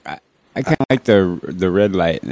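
A man with a very deep voice tells a story among friends. He stops and repeats words as he goes. It is a relaxed, casual chat. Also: normal speed.

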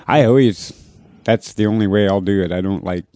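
A man's voice: lowish voice, a little fast, warm tone, dry recording. A man in casual chat, insistent and sure of his own advice.

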